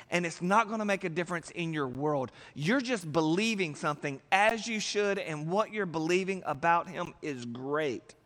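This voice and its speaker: A man preaching a sermon as pastor, animated and conversational, acting out little voices with big swings in loudness. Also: sits high, in a large hall.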